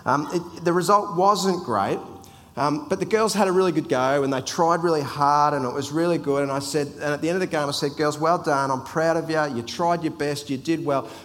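A man's voice: a little high, a little fast, fairly bright tone. Man telling a story in church. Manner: chatty, anecdotal, repeats words. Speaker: church ministry team member. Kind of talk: sermon storytelling. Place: church hall. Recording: long hall reverb.

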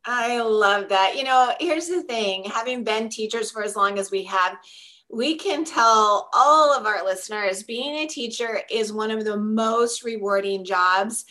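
A woman in her fifties co-hosting a casual chat, enthusiastic and warm toward her friend. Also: on the high side, unhurried. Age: 50s. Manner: enthusiastic, excitable. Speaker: podcast co-host, teacher.

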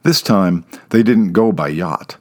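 Wry male storyteller with a low lively voice. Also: slow. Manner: wry and playful. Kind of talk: comic story narration.

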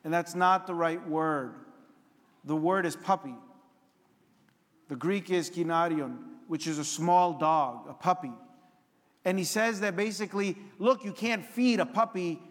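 A man's voice: a little high, measured pace, pauses often, a bit bright, big-room sound. A man giving a sermon as a priest, conversational, often putting questions to the congregation.

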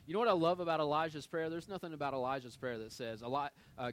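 A man preaching a sermon, retelling a Bible story with lively quoted dialogue and loose, conversational fillers. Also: a little high, fast, hardly any pauses. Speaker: pastor.

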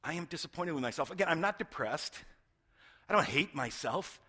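A middle-aged man, a pastor, preaching a sermon in an earnest way, often restarting words and swinging between loud stresses and hushed lines. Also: a little high, animated, normal speed, slightly rough.

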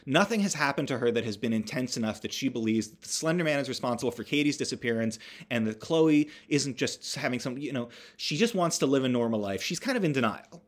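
A man's voice: medium pitch, animated, fast talker. A man casually recapping a horror movie, rambling with wry asides and self-corrections.

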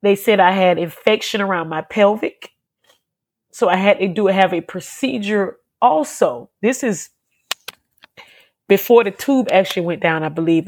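A woman giving an emotional personal testimony as an interview guest, talking earnestly and repeating herself as she tells her story. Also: fairly low pitch.

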